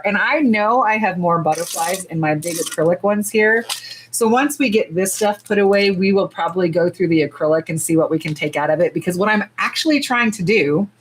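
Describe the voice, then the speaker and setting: This nail art livestream host speaks with a lilt in a voice on the low side with a fairly bright tone. She's chatty and bubbly indoors under lights, gushing over tiny things and filling her talk with asides and fillers. The recording is rough, with a little hiss or hum.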